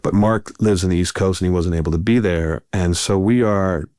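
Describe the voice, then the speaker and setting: A man's voice: low voice, normal speed, a little mellow, clear, resonant tone, dry recording, clean studio sound. A man, an actor guest, telling stories in a casual, rambling way with restarts and fillers. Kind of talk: casual conversational storytelling.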